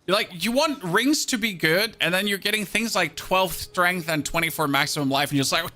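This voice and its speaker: While gaming, a man from Germany talks casually with his stream chat in a German accent, quick to exclaim and poke fun at himself. He's a game streamer whose high-pitched voice sounds pushed and bright, with faint music behind.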